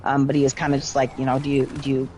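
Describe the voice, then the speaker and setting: A middle-aged woman chatting casually with friends while playing a game, telling stories in a lively, chatty way. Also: extremely low pitch, very fast, a little hiss or hum. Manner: chatty storytelling, lively retelling of exchanges. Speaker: parent and gamer. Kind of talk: casual chat while gaming.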